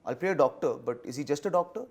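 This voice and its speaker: A man with an Indian accent answering interview questions in a fast, animated way, switching between English and Hindi. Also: on the high side. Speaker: actor and comedian guest.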